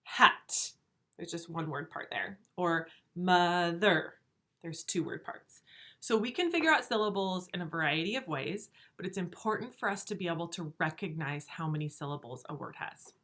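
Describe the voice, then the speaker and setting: A woman teaching first graders a recorded lesson from her empty classroom, speaking slowly, patiently and encouragingly to small children. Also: lowish voice, big pitch swings, a bit bright. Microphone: camera.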